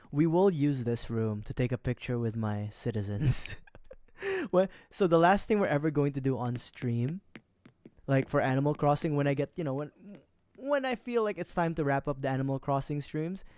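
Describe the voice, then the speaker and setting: A streamer giving casual livestream commentary on a life-sim game, joking around and dropping suddenly into hushed mutters. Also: medium pitch, no room sound, studio quality.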